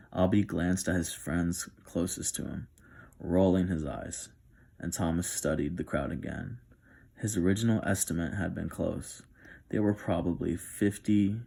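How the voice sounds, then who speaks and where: A man reading a novel aloud in a soft, steady ASMR style. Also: low voice, creaky, husky. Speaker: narrator.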